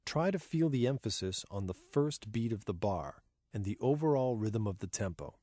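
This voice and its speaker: A man reading a scripted keyboard lesson in a measured, clear way, counting beats and rhythm words aloud in time. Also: mid-range voice, animated, dark tone, no echo, studio quality. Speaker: keyboard instructor. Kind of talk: scripted instructional narration.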